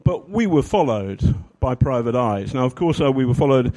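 A man's voice: medium pitch, animated, normal speed, warm tone. Rambling man addressing an audience. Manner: rambling with fillers, self-mocking. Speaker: speaker. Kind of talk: humorous talk to an audience.

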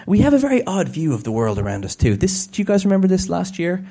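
A man's voice: sits high, huge pitch swings, fast talker, warm tone. A man giving a humorous public talk to an audience, sardonic, with joking asides.

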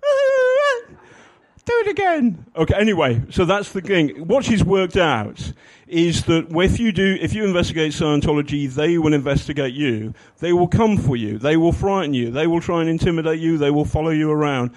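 A man's voice: fairly high pitch, brisk, hardly any pauses, darkish tone. A man giving a humorous talk to an audience, rambling with fillers and mocking himself. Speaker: speaker.

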